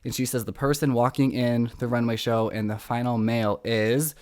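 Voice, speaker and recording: A young man hosting a podcast, recapping reality shows in a casual, excitable and dramatic way. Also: mid-range voice, normal speed, clear, resonant tone. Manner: excitable, dramatic, acts out quotes. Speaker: podcast host.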